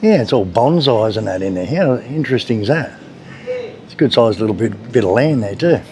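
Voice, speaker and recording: An Australian man films a travel vlog while walking city back streets, talking casually and bluntly and swearing now and then. His mid-range voice is expressive and moderately paced. Loud traffic, motorbikes, and a crowd fill the background.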